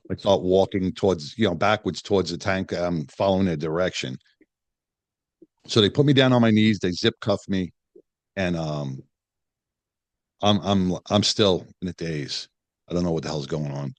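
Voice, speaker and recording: A man's voice: deep voice, normal speed, no echo. A middle-aged man, a podcast guest and retired police detective, telling a story bluntly and profanely, with many restarts and acted-out quotes. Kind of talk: candid storytelling in a podcast interview.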